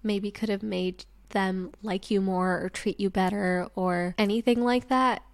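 A young woman hosting a talk show, speaking earnestly and gently, giving reassuring personal advice. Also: medium pitch, fairly even intonation, a little slow. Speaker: podcast host.

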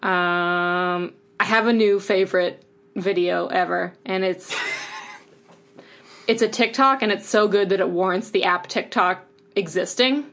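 A woman's voice: mid-range voice, a little slow, fairly bright tone. Woman cohosting a podcast, rambly and upbeat, lots of ums and laughs. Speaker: podcast co-host. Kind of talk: casual chat.

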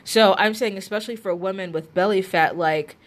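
A woman's voice: medium pitch, fairly quick. Stuffy-nosed woman giving casual health advice. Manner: loose and chatty, many fillers and restarts; direct, addresses viewers as guys and ladies. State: stuffy, congested nose. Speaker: health coach. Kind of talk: casual advice talk to camera.

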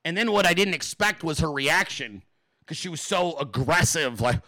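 A man hosts a live stream and rants freely to his chat, swearing in nearly every line. His voice sits high and bright with a forceful edge. He swings his pitch widely and jumps into shrill put-on voices when he quotes people. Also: lively intonation, moderate pace, dry recording, studio quality. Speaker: livestream host. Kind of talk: profane unscripted rant to a live chat.

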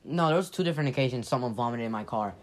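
A man's voice: mid-range voice, lively intonation, racing. A young man chatting casually, telling rambling, exaggerated stories. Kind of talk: casual chat.

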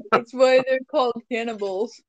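A woman co-hosting a casual podcast, joking about herself and breaking into loud outbursts. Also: fairly high pitch, no echo. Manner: jokey and self-deprecating, prone to loud outbursts. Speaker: podcast co-host. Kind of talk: casual comedic chat.

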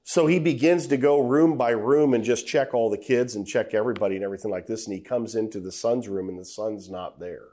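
A middle-aged man preaching a sermon, telling a story with acted quotes and climbing to loud, emphatic high passages. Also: steady tone, a little fast, hardly any pauses.

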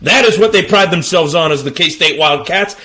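A man hosting a sports talk podcast, hyped and theatrical, breaking into shouts. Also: on the high side, moderate pace, very noisy. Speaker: podcast host.

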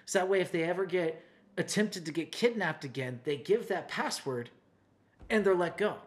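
Earnest man explaining in a fairly high voice. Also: moderate pace. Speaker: podcast co-host. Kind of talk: casual podcast banter.

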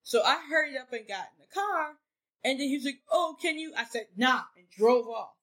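A woman's voice: sits high, animated, a little fast. A woman telling a story in casual chat, brash and joking with tough talk.

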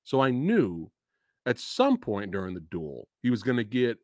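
A man hosting a casual livestream movie review, excitable and profane, often bursting into high laughter. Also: moderate pace, no room sound, clean studio sound. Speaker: podcast host.

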